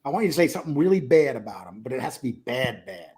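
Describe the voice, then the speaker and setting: A man's voice: medium pitch, sing-song, fast talker, darkish tone, slight background noise. A male livestream host chatting casually, joking and teasing as he reads the chat aloud.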